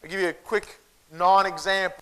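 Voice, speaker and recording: Addressing a big conference audience head-on, a Southern American man delivers a funny, folksy keynote with plenty of animation. He speaks at a moderate pace in a high, clean voice, captured in a rough recording.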